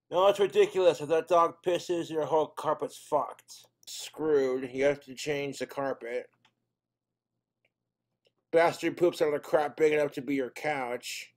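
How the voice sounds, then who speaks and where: A man's voice: a little high, measured pace. A man doing stand-up comedy, rambling through crude jokes in a casual, off-the-cuff way.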